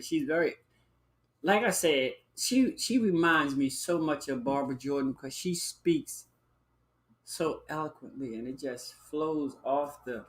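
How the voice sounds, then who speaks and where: A man hosting a live-stream talk show, chatting in a sassy, flamboyant way, calling listeners honey and child and breaking into high whoops. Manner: bursts into high whooping exclamations. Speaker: livestream show host. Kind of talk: casual live-stream chat.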